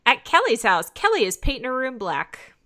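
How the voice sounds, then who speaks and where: Her voice is fairly high and sharp, with wildly swooping pitch, and she talks at a normal speed. As a podcast co-host, she chats casually while retelling an episode scene by scene, giggling often. The conversation is a casual episode recap.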